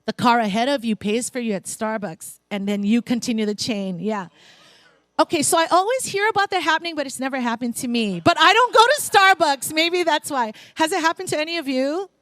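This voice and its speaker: A woman's voice: sits high, expressive, fairly quick, dry recording. A woman speaking to a spiritual center congregation in a chatty, playful sermon full of asides and small laughs. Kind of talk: conversational sermon.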